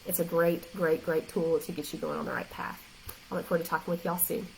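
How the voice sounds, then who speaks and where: A woman's voice: on the low side, fairly even intonation, quick pace, vocal fry, a little hiss or hum, poor audio. Earnest woman coach speaking straight. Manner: earnest and direct, emotional. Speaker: life coach. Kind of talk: faith-based encouragement talk.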